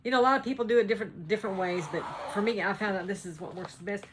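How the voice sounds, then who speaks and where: Against a noisy background, a North Carolina woman talks rapid-fire in a mid-range voice with a Southern American accent. She's a cross-stitch vlogger chatting casually at home, rambling and laughing often.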